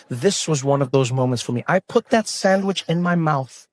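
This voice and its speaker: High-voiced man telling a stand-up story. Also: moderate pace, hardly any pauses, dry recording. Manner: animated, with sudden loud character bursts. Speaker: stand-up comedian. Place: live stage show.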